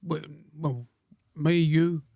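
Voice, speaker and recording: Gravelly, plain-spoken man of 100. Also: fairly high pitch, fairly even intonation, mellow, no room sound, studio quality. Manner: plain-spoken, slow storytelling, frequent pauses and throat-clearing. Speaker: guest, war veteran. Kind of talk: reminiscing interview answers.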